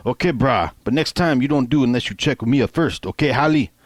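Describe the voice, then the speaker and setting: A man's voice: mid-range voice, a little fast, no echo, pitched above the performer's own voice, lightly acted. A man voicing a big, intimidating male drug kingpin who talks in blunt island slang. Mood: menacing. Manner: blunt, direct questioning, slangy.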